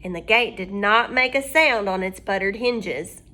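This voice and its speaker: Lady reading a kids story out loud, slow n expressive, bright high-ish voice. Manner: expressive, asks listeners questions. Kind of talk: children's storybook read-aloud.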